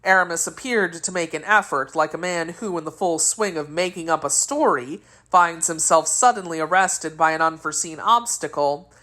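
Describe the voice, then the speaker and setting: A woman's voice: fairly low pitch, moderate pace, few pauses, pushed and bright. Woman reading a classic novel. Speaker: audiobook narrator.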